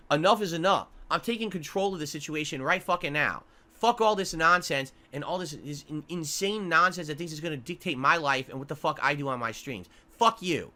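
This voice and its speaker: A man streaming live, ranting angrily with heavy swearing and lots of repetition, going from loud outbursts to low muttering. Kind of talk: angry livestream rant.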